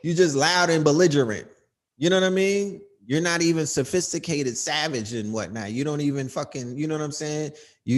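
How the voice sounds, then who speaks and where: Male livestream host, slightly high voice, emphatic and profane casual rant. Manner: emphatic, profane, repeats "you know what I mean".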